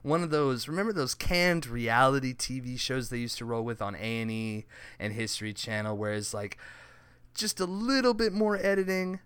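A man's voice: medium pitch, moderate pace, clean tone, no room sound. A man co-hosting a casual gaming chat, joking and laughing often. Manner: animated, laughs often, jokey asides. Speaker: podcast co-host.

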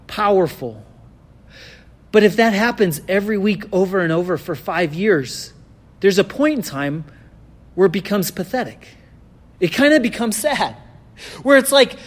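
A man preaching a sermon in a conversational way, reading scripture aloud and slowing down to stress key words. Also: sits high. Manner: conversational preaching with dynamic swings in loudness. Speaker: pastor.

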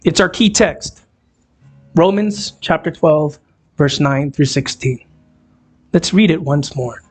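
A man's voice: on the high side, slow pace, slightly rough, faint music behind. A man preaching a sermon in a church, talking to the congregation and putting questions to them. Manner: conversational, asks the audience questions. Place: church hall, also streamed on a video call.

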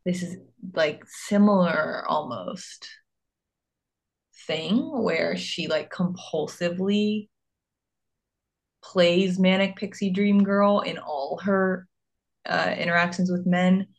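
Woman, slow and gravelly, hesitant with lots of fillers. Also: lowish voice, fairly even intonation. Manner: hesitant, many "like" fillers, laughs easily. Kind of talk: casual conversational chat.

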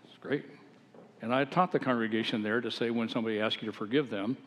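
A man's voice: on the low side, a little fast. A man, a pastor, preaching a sermon, earnest and at times emphatic as he exhorts his listeners. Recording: long hall reverb.

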